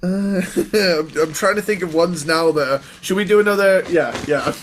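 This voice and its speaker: A man's voice: high voice, normal speed, slight background noise. A man co-hosting a casual podcast chat from a home recording room, jokey and sweary, with lots of fillers and laughter. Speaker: podcast co-host.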